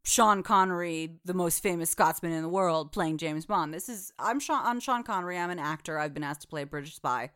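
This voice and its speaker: A woman's voice: fairly low pitch, fairly quick, hardly any pauses, a bit bright, clean tone, voice pushed down, lightly acted. A woman voicing a self-mocking actor psyching himself up. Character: famous Scottish actor talking himself into a British spy role.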